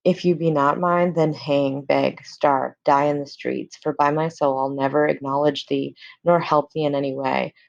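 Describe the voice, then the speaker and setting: A woman voicing a furious, domineering father who rants and threatens, low and gravelly. The sound is dull and lo-fi. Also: fairly even intonation, moderate pace, hardly any pauses. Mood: threatening. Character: angry domineering father, older man.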